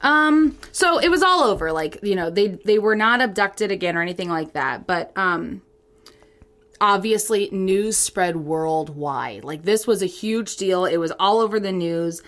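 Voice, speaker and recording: A woman's voice: medium pitch, animated, unhurried, fairly bright tone. Chatty podcast co-host woman. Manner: chatty, lots of ums and asides. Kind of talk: casual chat, telling a paranormal case.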